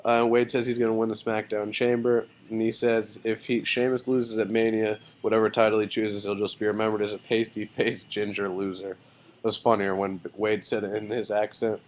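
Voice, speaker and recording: A man's voice: lowish voice, flat delivery, moderate pace, darkish tone. A man giving a casual video review of a wrestling show, loose and rambling with many fillers and blunt, swearing opinions. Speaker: wrestling vlogger.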